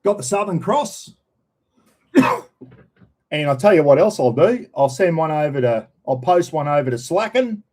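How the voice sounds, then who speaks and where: A middle-aged Australian man talks casually to his livestream audience in a fairly high voice. He rambles from one story to the next, full of slang, and keeps addressing his viewers as everyone. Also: very animated, moderate pace, long pauses, darkish tone. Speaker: livestream host.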